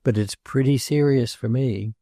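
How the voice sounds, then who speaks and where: A man's voice: mid-range voice, normal speed, warm tone, no room sound, studio quality, natural voice. A man reading aloud as a lovesick young male decorator, earnest and pleading.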